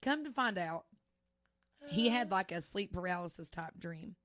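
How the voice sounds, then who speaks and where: A woman's voice: fairly low pitch, moderate pace, no echo. Chatty young woman, laughing storyteller. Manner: animated storyteller, laughs often. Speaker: podcast co-host. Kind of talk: casual chat.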